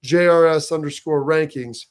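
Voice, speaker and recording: A man's voice: a little high, normal speed. A man in his forties hosting a sports talk show in an easygoing, upbeat manner, steering the conversation. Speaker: show host.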